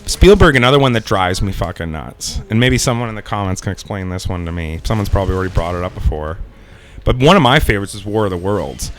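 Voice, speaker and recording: A man co-hosting a casual gaming podcast, telling stories in a rambling, animated way and swearing often. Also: deep voice, fast talker, slight background noise. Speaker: co-host.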